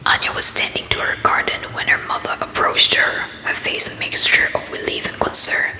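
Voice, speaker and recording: A woman ASMR book reader narrating a story as whispered role-play, in a slow, steady, unvoiced whisper. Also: reverberant, rough recording.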